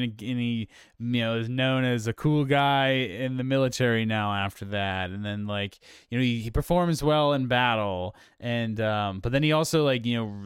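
In a clean, studio-quality recording with no room sound, a mid-range male voice with a clean tone hosts a relaxed film discussion podcast. He laughs easily and rambles, stumbling over fillers and restarts.

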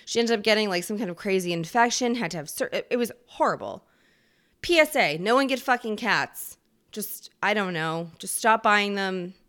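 A woman's voice: medium pitch, normal speed. A woman hosting her own podcast, ranting casually and comically with lots of swearing and laughter. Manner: profane, animated, laughs often. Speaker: podcast host. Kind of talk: casual comedic rant.

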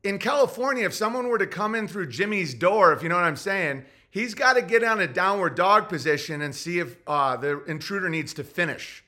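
Podcast host, male, bright tense voice, sarcastic and profane rant. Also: high-pitched, lively intonation, a little fast, few pauses.

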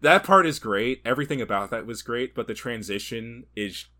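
A man co-hosting a podcast, chatting casually about a film, animated and quick to laugh. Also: medium pitch. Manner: animated, laughs often, acts out quotes. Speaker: podcast co-host. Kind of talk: casual movie review chat.

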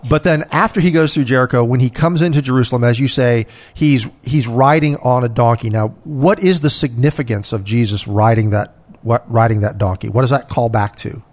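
A man in an easygoing Bible discussion, speaking at an ordinary mid pitch. He slips into the voices of the crowd as he retells the story. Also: fairly quick, darkish tone. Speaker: co-host.

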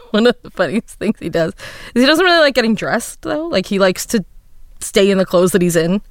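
A woman co-hosting a casual parenting chat, telling animated stories and jumping high in pitch when quoting her child. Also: moderate pace, no echo, studio quality. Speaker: podcast co-host and mother.

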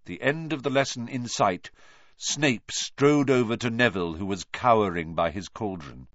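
A man narrating an audiobook in a lively, expressive reading style. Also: on the low side, moderate pace, no echo, muffled recording.

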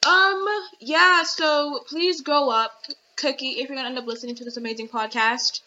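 A woman's voice: sits high, moderate pace, few pauses, bright, forceful tone, lo-fi sound. A young adult woman hosting a podcast, ranting animatedly in casual chat with lots of fillers. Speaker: podcast host.

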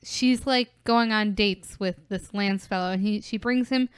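A woman's voice: mid-range voice, a little slow, smooth, no room sound. A young woman co-hosting a podcast, casually recapping a film with lots of fillers. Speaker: podcast co-host.

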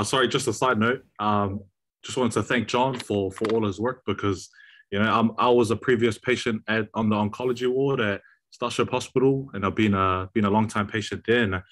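A young man with a New Zealand accent, a university student guest chatting in a relaxed way with frequent restarts. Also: fairly low pitch. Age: young adult. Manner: relaxed, repeats words when starting. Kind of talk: casual chat.

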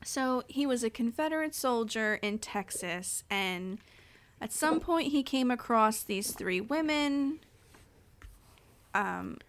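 Female podcast co-host, slightly high pitch, casual storytelling recap. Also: slow pace, slight background noise. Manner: animated storytelling with acted-out quotes and laughter. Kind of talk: casual chat recapping a film.

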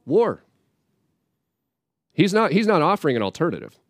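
A man preaching a sermon as a conversational Bible teaching, plainspoken and casual, with animated asides. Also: a little high, normal speed, no echo, studio quality.

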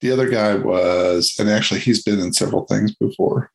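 A man's voice: fairly low pitch, brisk, creaky, rough recording. A man hosting a casual movie review chat, rambling and hesitant with many fillers and restarts.

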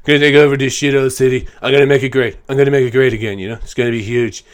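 A man doing an impression of a brash, boastful male politician, rapid and swaggering. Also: medium pitch, steady tone, clear, resonant tone, lightly acted.

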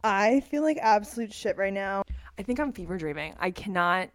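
A woman's voice: medium pitch, lively intonation, normal speed. A woman in her twenties hosting a casual podcast chat, blunt and swearing often, with lots of "like". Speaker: podcast host.

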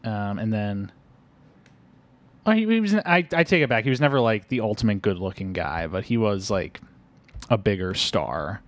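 Young male podcast co-host, low voice, loose filler-heavy movie chat. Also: lively intonation, moderate pace. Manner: rambling, filler-heavy, laughs often. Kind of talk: casual movie-review chat.

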